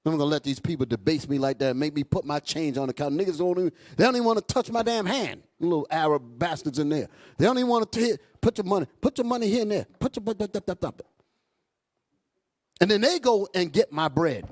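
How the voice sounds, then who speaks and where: A man from the United States delivers a fiery, profane sermon to his congregation, talking fast with hardly any pauses. He's loud and animated, his voice swinging high and low, and he calls out to the crowd along the way, asking "y'all all right?"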